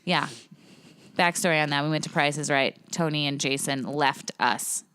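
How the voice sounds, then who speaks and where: A woman's voice: low voice, normal speed, clean tone, no echo, studio quality. A woman co-hosting a casual podcast, telling stories bluntly and acting out what others said. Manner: animated, mimics others' voices in her anecdotes; frequent swearing, blunt. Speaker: podcast co-host. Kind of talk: casual storytelling chat.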